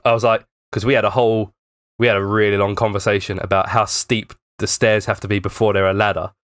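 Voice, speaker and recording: A man's voice: lowish voice, level tone, fast talker, a bit bright, dry recording, studio quality. A young man in casual podcast chat, rambling through a story with plenty of fillers and swearing.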